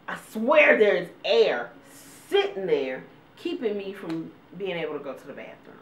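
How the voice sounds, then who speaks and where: A woman in her thirties chats to her viewers in a low voice that leaps around as she acts out what people said. She laughs often and tells it all loosely. The sound is roomy and echoey, with her sitting a little back from the mic and faint ambience behind. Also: a little slow, distant mic, slight background noise. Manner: animated, acts out quotes with big pitch jumps and laughs. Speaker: vlogger giving a weight update. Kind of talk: casual storytelling to viewers.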